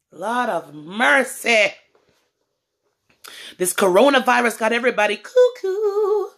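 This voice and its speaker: A woman's voice: mid-range voice, vocal fry, fairly bright tone. A woman vlogger chatting playfully to her viewers on a live stream from a phone at home. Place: at home indoors. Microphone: phone propped up on a table.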